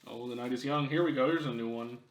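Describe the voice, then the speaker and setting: A man co-hosting a casual unboxing chat, laid-back with quick reactions and jokes. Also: mid-range voice. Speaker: co-host reviewing miniatures. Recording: echoey room with faint noise.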